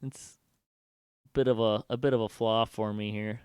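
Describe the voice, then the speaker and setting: A man running a tabletop game as game master on a stream, talking in a relaxed, halting way full of fillers. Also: lowish voice, smooth, no echo, clean studio sound.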